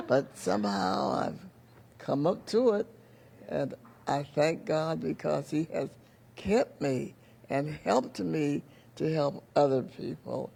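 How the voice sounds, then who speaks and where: A 110-year-old woman from California, talking slowly and gently about her gratitude in a casual interview. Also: low voice, gravelly, slight background noise. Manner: slow, gentle and grateful. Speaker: birthday guest interviewee.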